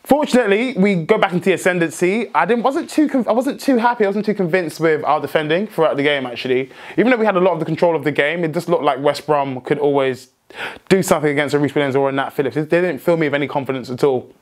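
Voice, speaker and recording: A young man hosting a football fan vlog, talking excitedly with many restarts and outbursts. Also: fairly high pitch, fast talker. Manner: excitable, rambling, frequent restarts, shouts in joy. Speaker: football fan channel host.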